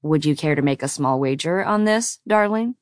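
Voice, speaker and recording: A woman's voice: deep voice, lively intonation, moderate pace, dry recording. A woman voicing a confident, teasing man who banters smugly with his lover. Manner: dry, smug banter.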